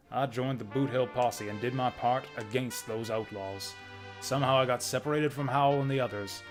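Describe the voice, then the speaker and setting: A man's voice: mid-range voice, lightly acted. A man reading the lines of a retired army lieutenant in a plain, matter-of-fact way.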